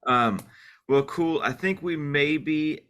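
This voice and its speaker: Male podcast co-host, bright tone, rambling and jokey. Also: a little high, takes it slowly, clear, resonant tone. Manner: rambling, filler-heavy, joking. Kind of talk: casual chat.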